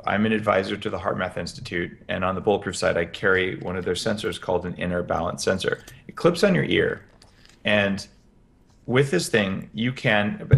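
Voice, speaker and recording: A man as a podcast guest, explaining practical health advice in an energetic interview. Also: fairly low pitch, creaky. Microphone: headphones with podcast mic.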